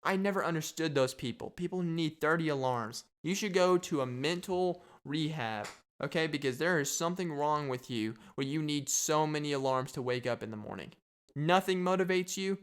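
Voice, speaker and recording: Rambling man with a smooth voice. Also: on the high side, lively intonation, fairly quick. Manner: rambling, jokey, riffs and repeats himself. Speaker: podcast host. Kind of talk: solo comedic podcast rant.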